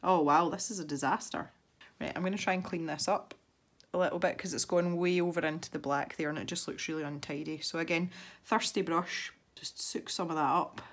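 A woman with a Scottish accent and a slightly low voice talks her viewers through her painting in a relaxed, meandering way. She thinks aloud and drifts happily into side stories. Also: brisk. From Scotland. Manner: chatty, thinks aloud, rambling asides. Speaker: art channel host. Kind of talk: casual chat while painting.

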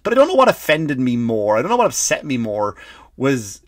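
An Irish man hosting a comedy podcast, ranting and swearing freely, breaking into loud acted-out bursts. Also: medium pitch, wildly swooping pitch, a little fast, dry recording. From Ireland. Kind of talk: comedic rant.

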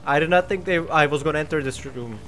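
High-voiced male streamer with a cold. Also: fast, a bit bright. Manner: giddy, joking, swears often. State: has a cold. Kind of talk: live gameplay commentary.

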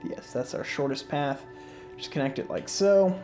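A man hosting a casual let's-play, talking through his moves in a relaxed, rambling way with lots of fillers and restarts, yawning and sleepy. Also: a little high, normal speed. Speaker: gaming channel host. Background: faint game music.

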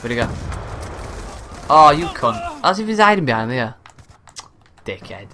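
Young gamer, hushed late-night commentary with a mid-pitched voice, noisy game audio. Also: male voice, very animated, a little slow. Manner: kept quiet and low, swearing at other players. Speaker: gaming commentator. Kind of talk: live gameplay commentary. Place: at home at night. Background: gunfire from the game.

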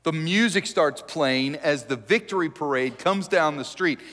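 A man preaching as a pastor, telling the story in a joking, animated, conversational way. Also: fairly high pitch, unhurried, in a large hall. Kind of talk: conversational sermon. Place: church sanctuary.

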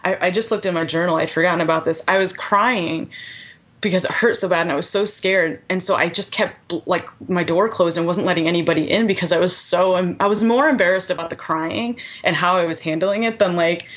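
A woman in her thirties, a podcast guest recounting a personal story in an animated way, with many "like" fillers. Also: lowish voice, brisk. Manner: animated, heavy use of "like" fillers.

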